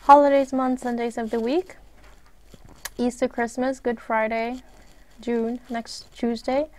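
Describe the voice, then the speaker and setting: A woman with a Swedish accent, a native Swedish speaker, giving a recorded English grammar lesson. She talks in a measured way, lists examples one by one, and often pauses with "uh". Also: fairly high pitch, level tone, warm tone, slight background noise. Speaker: English teacher.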